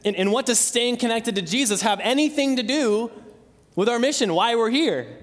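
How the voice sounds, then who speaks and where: A man's voice: extremely high pitch, lively intonation, normal speed, long reverb tail. A young man in his twenties preaching a sermon, earnest and conversational, telling a personal story. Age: 20s. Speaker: pastor.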